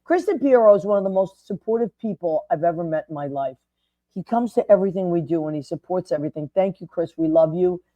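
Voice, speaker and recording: An older woman hosting a show, telling stories in an animated, chatty way with quick asides and restarts. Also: fairly low pitch. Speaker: host. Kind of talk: casual storytelling chat.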